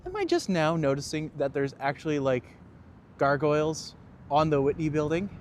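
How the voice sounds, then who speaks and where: A Canadian man and tour guide chatting casually while walking outdoors on a live stream, animated and self-deprecating, on a handheld phone with traffic noise behind. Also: on the high side, moderate pace. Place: outdoors on city streets.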